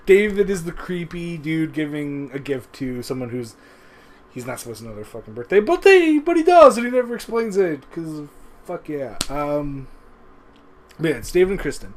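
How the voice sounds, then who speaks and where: Lively, rambling man reviewing a show. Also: fairly high pitch, a little hiss or hum. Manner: rambling, profane, chuckling. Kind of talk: casual review commentary. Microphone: webcam recording.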